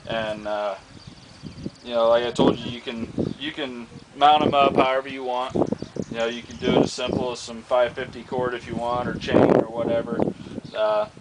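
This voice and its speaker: A man's voice: mid-range voice, lively intonation, normal speed, vocal fry, very noisy. A man casually showing off a homemade target stand, rambling with many fillers and restarts. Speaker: hobbyist vlogger showing a homemade build. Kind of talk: casual outdoor show-and-tell.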